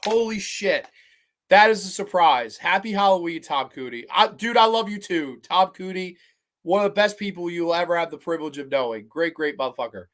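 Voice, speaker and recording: A man hosting a live stream, talking to his chat in an excitable, profane way as he agonizes aloud over picks. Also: sits high, brisk. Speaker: podcast host.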